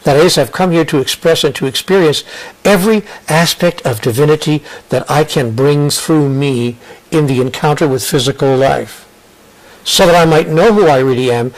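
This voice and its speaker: An earnest American man with a fairly high voice speaks as a guest in a reflective interview about his work as a spiritual author. He restarts and repeats phrases and slows for emphasis, and the recording is rough.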